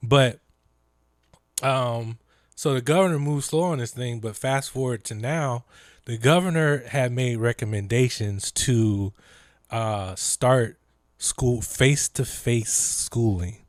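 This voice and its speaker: A man's voice: mid-range voice, slow, no room sound, studio quality. A man hosting a live stream, telling stories animatedly with lots of fillers and impressions. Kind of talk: casual chat.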